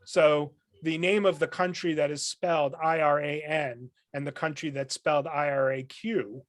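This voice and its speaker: A man, a philosophy professor, explaining ideas as a guest on a podcast in a thoughtful, lecturing way, often pausing with "um" and restarting his phrases. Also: on the high side, steady tone, no room sound, studio quality. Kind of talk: podcast interview.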